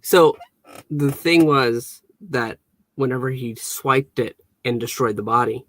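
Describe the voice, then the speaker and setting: A man co-hosting a casual review show, talking in an unhurried way with hesitant fillers. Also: mid-range voice, a bit bright, dry recording. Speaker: podcast co-host.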